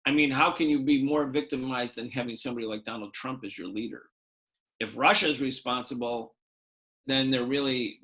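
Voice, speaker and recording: A man's voice: medium pitch, fairly bright tone. A man, an activist guest in an interview, talking animatedly and acting out the voices of people he quotes. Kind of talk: political interview.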